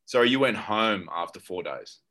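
A man's voice: fairly low pitch, animated, moderate pace, bright, forceful tone. A man interviewing guests in a casual chat, following up with probing questions.

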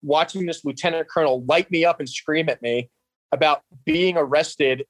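A man's voice: on the high side, moderate pace, no room sound. A man in his thirties from New Jersey, a podcast guest telling a story in a casual, sarcastic, profane way. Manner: sarcastic, profane, acts out dialogue.

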